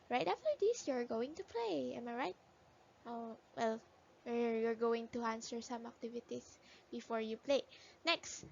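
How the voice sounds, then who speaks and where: A woman's voice: fairly high pitch, measured pace. A woman teaching a phonics lesson to young children, sounding out letters one by one and repeating each word for them to echo. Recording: dull lo-fi recording.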